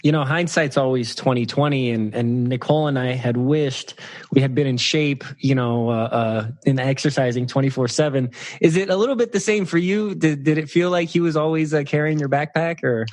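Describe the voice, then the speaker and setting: A man's voice: mid-range voice, fairly quick, darkish tone, dry recording. A man co-hosting a podcast, reading an ad and chatting casually with many fillers. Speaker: podcast co-host. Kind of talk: casual podcast chat and ad read.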